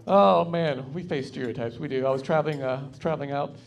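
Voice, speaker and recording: A man with a Southern North Carolina accent performs stand-up at a club, delivering folksy, wry stories into the stage mic at a quick pace. His voice is gravelly and a little high.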